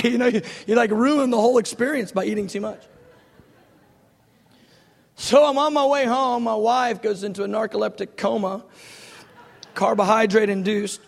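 A man preaching a storytelling sermon. He laughs and mocks himself, and he swings between loud bursts and hushed, near-whispered lines. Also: high-pitched, normal speed, vocal fry, pauses often, big-room sound. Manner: animated, laughing, self-mocking, ranging from loud to hushed.

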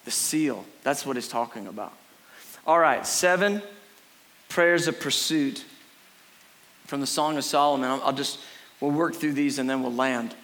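A middle-aged man preaching a sermon on a church stage, animated and earnest, acting out little scenes for his listeners. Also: measured pace, long pauses. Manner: animated, acts out a frantic crowd in a high put-on voice. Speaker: pastor. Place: church stage before a congregation.

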